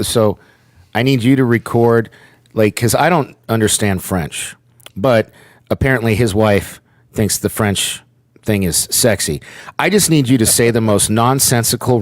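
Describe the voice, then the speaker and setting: A man's voice: mid-range voice, no echo, studio quality. A man in his forties co-hosting a casual group chat about a TV show, joking and rambling with crude humor. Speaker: podcast co-host.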